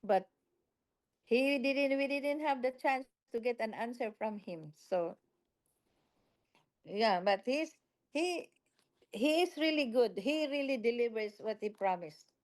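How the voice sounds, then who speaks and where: A woman speaks over a video call from a small office kitchen, her voice slightly high. She explains and reassures in a halting, searching way as she answers the group's questions. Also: expressive.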